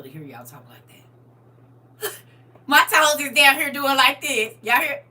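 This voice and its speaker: Bright-voiced woman chatting live with viewers. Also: high-pitched, big pitch swings, measured pace, long pauses, distant mic. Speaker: livestream host. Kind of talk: casual live chat with viewers.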